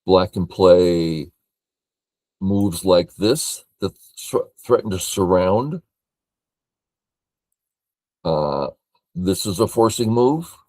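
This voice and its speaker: An older man from California reviewing a board game as a teacher, thinking aloud in a slow, matter-of-fact way. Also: low voice, expressive, warm tone, dry recording.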